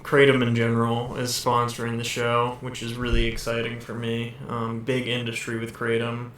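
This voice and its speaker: A man hosting a podcast from home over a video call, joking deadpan and swearing a lot in casual chat. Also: medium pitch, moderate pace, slight background noise. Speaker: podcast host.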